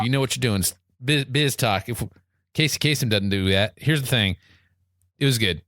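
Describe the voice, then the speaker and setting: Podcast co-host, male, rambling comic storyteller, bright dry voice. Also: mid-range voice, moderate pace, no echo. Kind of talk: casual comedic chat.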